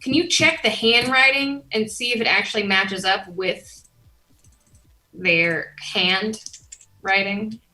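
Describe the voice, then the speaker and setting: A woman's voice: mid-range voice, takes it slowly, sharp tone, poor audio. A woman playing a tabletop game, giggly and a little hesitant, playful. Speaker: player. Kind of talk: casual tabletop play.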